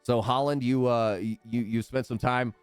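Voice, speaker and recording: A man's voice: mid-range voice, steady tone, moderate pace, clean tone, no room sound, faint music behind. A man hosting a live stream, calling out names in a hype sports-announcer manner.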